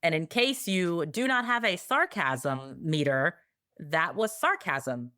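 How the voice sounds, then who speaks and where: Sarcastic podcast lady, lower voice that swings a lot, dry sound. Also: takes it slowly, dry recording. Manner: sarcastic, animated storyteller. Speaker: podcast co-host. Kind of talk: casual podcast chat with sarcastic asides.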